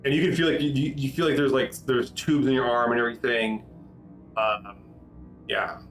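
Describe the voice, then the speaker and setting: A man's voice: mid-range voice, steady tone, moderate pace, poor audio. Man game master, rambling improvised narration, medium voice, faint music bed. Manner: rambling, many restarts and fillers.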